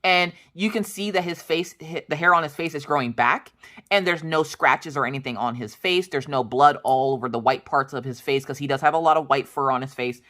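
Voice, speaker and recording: A woman in her thirties, a crafting channel host, telling a long story in an animated, indignant way as she chats. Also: low-pitched, fairly quick. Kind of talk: storytelling chat while crafting.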